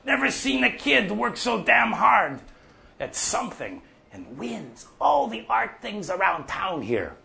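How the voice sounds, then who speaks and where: An actor playing an older farmer off the drink who tells profane, folksy stories. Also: male voice, sits high, big pitch swings, a little slow, gravelly, pushed and bright, full character voice. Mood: rambling. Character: older male prairie farmer off the drink, gruff storyteller. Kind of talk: monologue.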